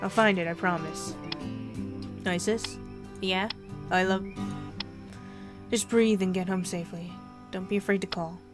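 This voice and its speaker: A woman voicing a caring young boyfriend in a story game, speaking in a gentle, reassuring way with music behind. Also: medium pitch, fairly even intonation, a little slow, pauses often, natural voice. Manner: soothing, coaxing.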